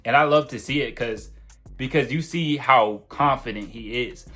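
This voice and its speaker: Man, self-improvement video creator, casual and blunt, conversational slang, mid-pitched voice. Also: normal speed, a bit bright, faint music behind. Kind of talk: casual direct-to-camera advice.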